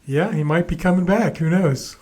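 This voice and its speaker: A man's voice: high voice, moderate pace, a little mellow. A man hosting a podcast, reacting to a guest's story with eager comments. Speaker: podcast host. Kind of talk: interview reactions.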